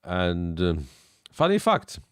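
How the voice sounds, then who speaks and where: A man who is not a native English speaker, hosting a casual live stream and answering viewer questions with halting technical explanations. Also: low-pitched, huge pitch swings, clear, resonant tone, dry recording, clean studio sound.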